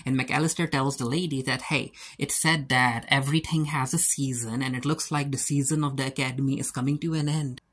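A casual reviewer recapping a TV episode, who keeps slipping into quick put-on voices for the characters. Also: fairly even intonation, a bit bright, husky. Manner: retells scenes, briefly voicing the characters with pitch jumps.

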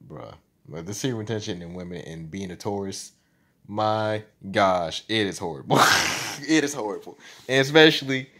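A young man talking casually to his camera in a rambling, slangy vlog, laughing often and swinging between loud bursts and low mumbles. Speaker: vlogger.

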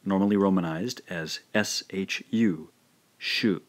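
A man whose voice sits low, with lively intonation, narrates a scripted language lesson. He pronounces syllables one by one, slowly and carefully, as pronunciation drills.

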